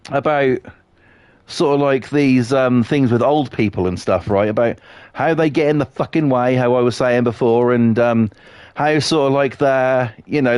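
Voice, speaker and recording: A man's voice: mid-range voice, a little mellow, no echo. A British man chatting casually on a live game stream, blunt and swearing freely.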